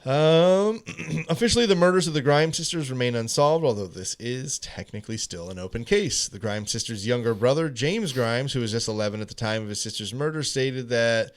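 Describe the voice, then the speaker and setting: A man's voice: mid-range voice, animated, a little fast, few pauses. A man hosting a podcast in a studio, reading a true crime story from notes and running a playful trivia quiz. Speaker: podcast host.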